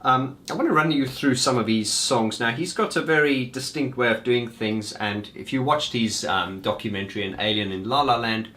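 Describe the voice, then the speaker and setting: A man's voice: medium pitch, moderate pace, few pauses, sharp tone. A man talking casually and unscripted to his viewers, rambling with fillers and restarts as if chatting with a friend. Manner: talks to viewers as friends, calls them guys. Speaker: music video host.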